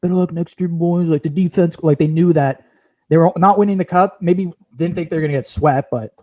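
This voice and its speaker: A man's voice: on the high side, brisk, mellow, dull audio. A young man co-hosting a sports podcast, brash and opinionated, casually swearing as he talks playoff picks.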